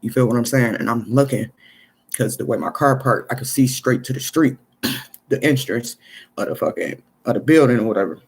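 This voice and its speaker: A man's voice: mid-range voice, normal speed, breathy edge. A man casually telling a personal story in profane street slang, often saying "you know what I'm saying". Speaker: storyteller recounting an experience.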